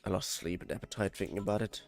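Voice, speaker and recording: German guy reading game lines on stream, lowish voice, stumbles over words, faint music behind. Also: fairly even intonation, fast talker, vocal fry. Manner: stumbles and restarts on words while reading, swears when annoyed. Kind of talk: reading game dialogue aloud on a livestream.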